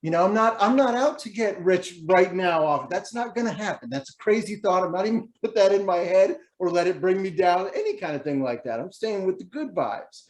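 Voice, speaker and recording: A man's voice: high-pitched, lively intonation, fairly quick, hardly any pauses, a little mellow, roomy sound. A man chatting as a guest on a video call, reflective and rambling, laughing easily. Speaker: guest, creator of an animated show. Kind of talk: casual video-call interview.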